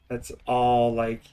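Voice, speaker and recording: Streaming a building game, this young Eastern Canadian man offers rambling, casual commentary and laughs a lot. His voice is medium in pitch, a little mellow, and clean in tone.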